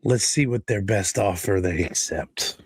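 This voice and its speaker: A man's voice: on the low side, measured pace, husky, dry recording. A man on a comics panel, joking and laughing often as he talks. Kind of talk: casual podcast chat.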